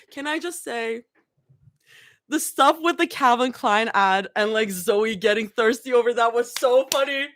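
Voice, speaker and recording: Shrieking, laughing high-voiced young woman. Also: expressive, unhurried, pauses often, fairly bright tone, dry recording, clean studio sound. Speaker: streamer reading fan fiction. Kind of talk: excited live reading reaction.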